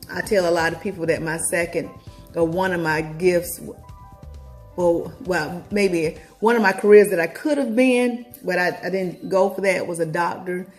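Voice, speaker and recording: A woman vlogger talking casually to her viewers, chatty and upbeat, reflecting on a book with sudden excited leaps in her voice. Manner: chatty, talks straight to viewers, big excited pitch jumps.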